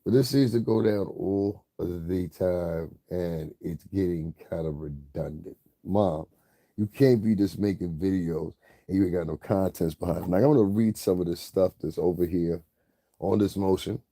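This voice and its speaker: Deep, dark-voiced man ranting casually. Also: moderate pace, dry recording, studio quality. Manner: rambling, repeats "you know what I'm saying", laughs often. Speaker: commentary vlogger. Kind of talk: casual commentary.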